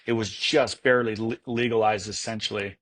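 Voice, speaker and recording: A man's voice: on the low side, fairly even intonation, a little fast, fairly bright tone. A man telling stories as an interview guest, enthusiastic and rambling, with many fillers and restarts. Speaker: guest, entrepreneur. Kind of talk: casual interview storytelling.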